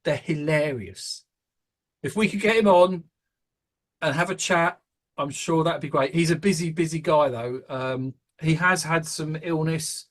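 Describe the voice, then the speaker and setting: Rambling British podcast host. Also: male voice, fairly high pitch, measured pace, a bit bright. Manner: rambling, hesitant, many fillers. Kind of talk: casual podcast chat.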